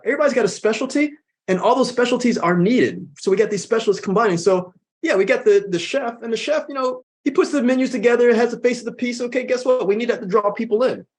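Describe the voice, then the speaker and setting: A man who speaks professionally, a podcast guest who talks emphatically and repeats his key phrases. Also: very high voice. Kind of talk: casual interview chat.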